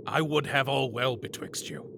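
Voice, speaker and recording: A man's voice: medium pitch, fairly even intonation, normal speed, vocal fry, background noise. An actor playing an anxious, loyal nobleman who speaks in a deferential, placating way.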